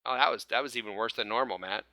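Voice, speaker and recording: A man's voice: medium pitch, fast, crowd noise. A man hosting a casual fan-show podcast, upbeat, laughing often and stumbling over repeated words. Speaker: podcast host.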